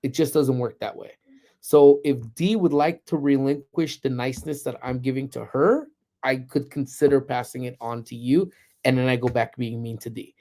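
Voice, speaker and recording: A middle-aged man hosting a casual lunchtime livestream, chatting loosely and slipping into playful, animated slang riffs. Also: mid-range voice, normal speed. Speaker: livestream host. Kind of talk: casual live chat.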